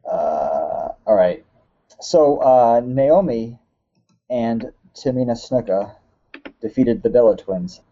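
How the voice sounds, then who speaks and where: A man hosting a casual podcast, rambling with lots of "uh"s and quick laughs. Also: mid-range voice, animated, highs cut off. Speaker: podcast host. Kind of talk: casual chat.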